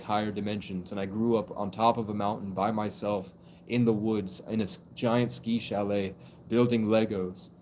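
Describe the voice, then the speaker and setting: Young male streamer with a lowish voice, rambling monologue peppered with fillers, faint crickets behind. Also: a little mellow, a little hiss or hum. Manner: rambling, heavy use of "like" fillers. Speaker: livestreamer. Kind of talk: casual live stream monologue.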